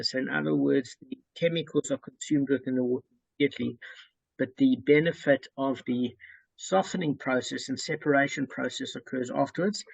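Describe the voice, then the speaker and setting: A man's voice: medium pitch, gravelly, slightly rough, no echo, rough recording. A man leading a study group through a Talmud passage, explaining it step by step and often restating points with fillers.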